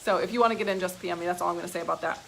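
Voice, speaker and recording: A woman business coach on a live stream, giving an excited, profane pep talk to her audience, heavy on emphasis and filler words. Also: lowish voice, racing, gravelly, slight background noise, poor audio. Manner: excited and gushing.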